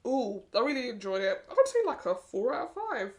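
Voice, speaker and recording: A woman's voice: on the high side, sing-song. A woman co-hosting a podcast in casual chat, playful and joking, acting out quoted lines in bursts. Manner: playful, acts out quoted voices, quick bursts. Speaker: podcast co-host.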